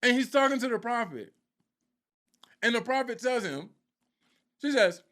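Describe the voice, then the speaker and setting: Animated man retelling a show. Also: extremely high pitch, a little slow. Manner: lively storytelling with quoted voices. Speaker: faith teacher. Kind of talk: animated live teaching.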